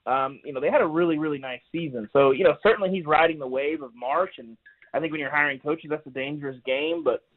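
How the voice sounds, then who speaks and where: A fast-talking man with a fairly high voice phones into a sports radio show as a guest for some casual chat. He's chatty and wry, chuckling at his own jokes, and the call sounds tinny.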